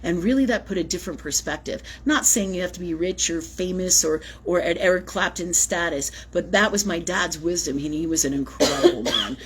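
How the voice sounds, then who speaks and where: A woman's voice: on the low side, fairly quick, few pauses, slight background noise. A woman hosting a live spiritual talk show, rambling and emphatic, swearing freely as she talks to her viewers. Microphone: webcam or phone on a live stream.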